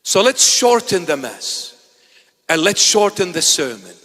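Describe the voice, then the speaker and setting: A bishop whose first language is Assyrian preaches in a high, carrying voice. He is animated and teases his listeners in quick asides. His sermon rings with the long echo of a church hall. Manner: animated, teasing asides to the congregation.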